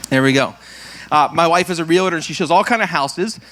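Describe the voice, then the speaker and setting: Man, pastor, slightly high voice, playful, jokey, laughs at own puns. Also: brisk, fairly bright tone. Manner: playful, acts out jokes in silly voices; laughs at his own jokes. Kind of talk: church service prayer and announcements.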